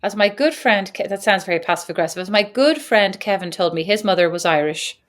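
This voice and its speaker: Woman co-host in her 40s, chatty and quick to laugh, casual podcast banter. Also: medium pitch. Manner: chatty, laughs often, acts out kids' voices. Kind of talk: casual chat.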